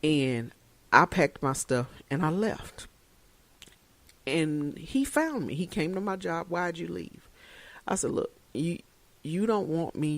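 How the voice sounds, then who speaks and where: A woman's voice: low-pitched, gravelly, a little mellow, no room sound. A woman giving an earnest personal testimony on a podcast, growing emphatic as she tells it. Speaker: guest sharing her story.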